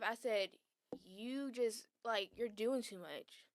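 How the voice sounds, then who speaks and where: A young woman co-hosting a casual chat podcast, telling a story with animated acted-out quotes and plenty of swearing. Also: on the high side, fairly quick, no room sound, clean studio sound. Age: young adult. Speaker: podcast co-host.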